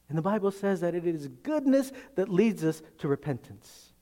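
A man's voice: high voice, sing-song, normal speed, hardly any pauses, mellow. Man preaching in a chatty style. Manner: conversational preaching, rhetorical questions, acts out voices. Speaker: pastor. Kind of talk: sermon.

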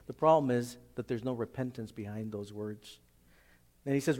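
Pastor preaching in a reverberant hall. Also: male voice, medium pitch, moderate pace, a little mellow. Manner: earnest, reads scripture aloud then explains it in plain talk. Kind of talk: sermon.

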